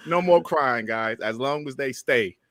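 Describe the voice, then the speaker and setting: A man's voice: medium pitch, measured pace, a bit bright. A man hosting a casual gaming podcast, talking in slang, filling with "you know" and laughing often. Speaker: podcast host.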